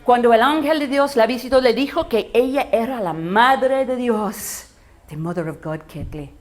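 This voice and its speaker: A woman playing her excitable, religious older mother-in-law, fussing loudly and mixing in Spanish phrases. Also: normal speed, close to an everyday voice. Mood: preachy. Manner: high, loud, fussing, Spanish phrases mixed in.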